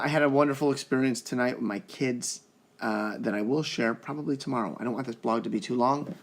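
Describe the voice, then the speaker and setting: Man, parenting vlog, earnest, reassuring, heartfelt, mid voice. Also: medium pitch. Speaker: parenting vlogger. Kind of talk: casual vlog monologue.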